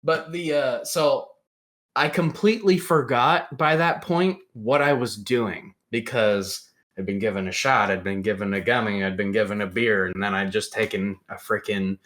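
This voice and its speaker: A man's voice: on the low side, normal speed. Young guy, podcast host, chatty storyteller who acts out every line he quotes. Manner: animated storyteller, acts out quoted voices loudly. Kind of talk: casual storytelling chat.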